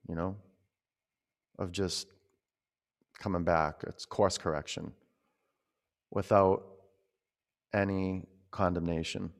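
A man teaching a yoga class, gently cueing breath and poses in a loose, conversational way. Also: low-pitched, vocal fry.

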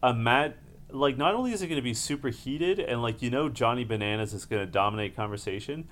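A man's voice: medium pitch, expressive, fast, a bit bright. A man co-hosting a podcast in casual chat, thoughtful and hedging. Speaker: podcast co-host. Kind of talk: casual chat recapping a reality show.

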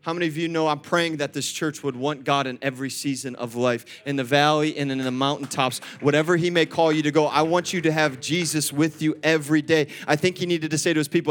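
A young man preaching a sermon, animated, swinging between loud calls and soft asides and talking straight to the congregation. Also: a little high, fast, hardly any pauses. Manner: acts out quoted voices, chats with the congregation. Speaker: pastor.

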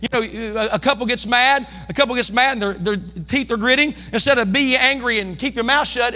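A middle-aged Midwestern American pastor preaches a sermon in a church sanctuary, his voice very high for a man and sharply bright. Folksy and brisk with hardly any pauses, he shouts one moment and drops to low asides the next, while a long reverb trails each line.

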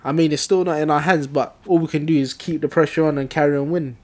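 A man, co-hosting a podcast and telling a football story in an animated, excitable way. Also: a little high, quick pace. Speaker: podcast co-host. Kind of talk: casual football chat.

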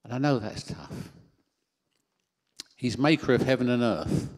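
With a medium pitch and a measured pace, a man gives a lively sermon into a handheld microphone in a church hall, adding self-deprecating asides along the way.

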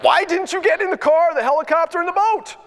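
A man voicing God in a sermon story, amused, gently scolding and emphatic. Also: extremely high pitch, quick pace, in a large hall, pitched above the performer's own voice. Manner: emphatic, rising.

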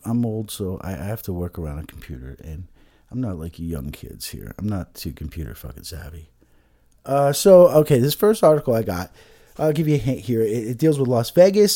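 A man's voice: mid-range voice, dark tone. A man casually reading out news stories and adding profane, sarcastic asides, often trailing off and mumbling to himself. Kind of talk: casual comedic news commentary.

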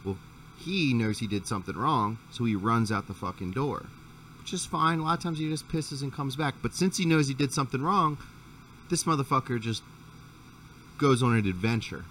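A man's voice: mid-range voice, normal speed, fairly bright tone, far from the mic, a little hiss or hum. A man hosting a podcast, telling a rambling, profane story in a casual chat. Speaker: podcast host.

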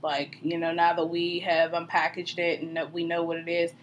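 A woman's voice: lowish voice, flat delivery, moderate pace, slight background noise. A young woman co-hosting a podcast, talking bluntly and candidly in casual chat, swearing freely. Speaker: podcast co-host.

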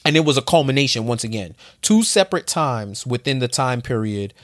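A man, a podcast guest, telling a story in a casual, animated way with informal slang. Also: mid-range voice, a little fast, no echo, clean studio sound.

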